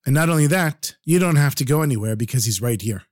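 A man voicing a friendly, knowing female waitress who talks in a brisk, confiding way. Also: mid-range voice, animated, darkish tone, no room sound, clean studio sound, lightly acted.

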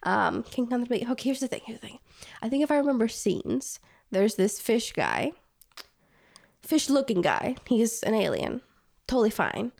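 Brief: young woman, gravelly fry, excitable co-host chatting through a quiz. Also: fairly high pitch, normal speed. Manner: excitable and chatty, says "dude" a lot. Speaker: YouTube co-host. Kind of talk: casual chat while taking a quiz.

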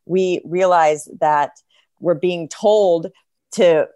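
Low-voiced earnest woman, dry sound. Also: extremely slow, dark tone, dry recording. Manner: earnest, explanatory, builds ideas in lists. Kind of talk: casual interview chat.

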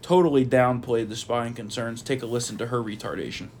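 A man's voice: mid-range voice, fairly even intonation, fairly quick, a little mellow, slight background noise. A man hosting a casual news talk podcast, blunt and sarcastic with frequent swearing, his voice a bit worn. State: losing his voice. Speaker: podcast host.

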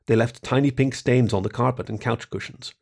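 Husky, gravelly male storyteller. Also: medium pitch, fairly quick. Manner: expressive reading. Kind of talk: scripted story narration.

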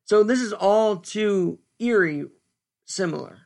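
Guy doing a solo commentary, gravelly and kinda high, stern and earnest. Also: darkish tone. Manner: earnest, stern, deliberate with pauses. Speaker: podcast host.

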